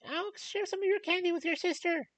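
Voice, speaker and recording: Male narrator as a stern, high-voiced scolding mom. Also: fast. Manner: sharp, bossy scolding. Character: stern scolding mother, adult woman.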